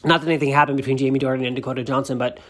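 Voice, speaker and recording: A man's voice: medium pitch, steady tone, racing, fairly bright tone. A man hosting a celebrity news show, chatty and gushing, reading out news stories with many asides. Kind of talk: casual gossip commentary, reading news aloud.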